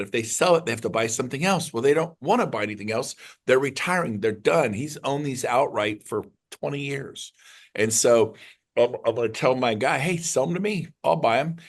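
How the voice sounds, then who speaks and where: A middle-aged man, a realtor, giving an excited, rambling motivational talk to his group. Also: medium pitch. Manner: excited, rambling, jumps between numbers. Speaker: realtor leading a mastermind call.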